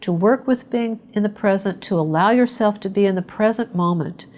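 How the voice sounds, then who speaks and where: A woman therapist speaks gently and conversationally as she leads a webinar. She guides listeners through a calm mindfulness exercise in a voice of ordinary pitch for a woman. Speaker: psychotherapist leading a survivorship webinar. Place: indoors, remote webinar.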